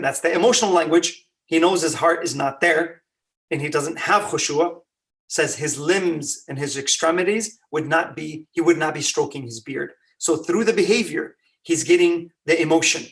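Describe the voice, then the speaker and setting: A man delivers a lively, conversational religious talk, often throwing rhetorical questions at the room. His voice sits on the higher side for a man. He sounds a little off-mic, as if standing back from it. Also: far from the mic. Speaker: religious lecturer. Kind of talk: Ramadan lecture.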